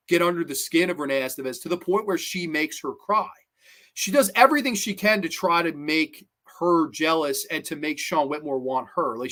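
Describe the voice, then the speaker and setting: A man hosting a horror movie review vlog, talking casually in an excitable, rambling and profane way. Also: on the high side.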